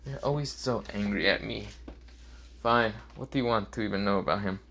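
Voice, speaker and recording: A man's voice: lowish voice, normal speed, fairly bright tone, a little hiss or hum. A man voicing a smug, scheming immortal male villain who teases and taunts in a casual fan-fiction story. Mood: smug teasing.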